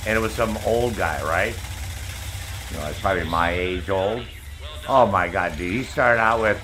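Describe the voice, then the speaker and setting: A man's voice: low voice, moderate pace, a bit bright, a little hiss or hum. An older man hosting a live stream, telling rambling stories in a casual, heavily profane way. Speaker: streamer host.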